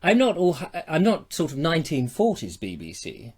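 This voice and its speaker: Playful English host, lively pitch. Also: male voice, a crowd in the background. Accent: near received pronunciation English. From Sussex, England. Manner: jokey, playful, quick to laugh. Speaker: host of a live stream. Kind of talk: casual live-stream chat.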